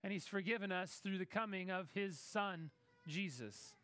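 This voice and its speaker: High-voiced man preaching a sermon. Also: a bit bright, no echo. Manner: conversational preaching, acts out Bible characters in quick asides.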